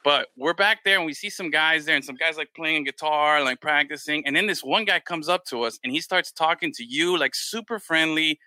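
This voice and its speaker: A man with a slightly high, strikingly bright voice chats casually and spins stories with energy. He swears freely and slips into the voices of the people he quotes. The sound is dry and close to the mic. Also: a little fast, hardly any pauses, no echo. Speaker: podcast host. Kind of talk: casual chat.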